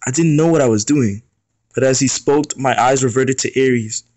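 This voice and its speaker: A man's voice: mid-range voice, moderate pace, no echo. Young man reading a story aloud. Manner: steady first-person narration. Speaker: student reader.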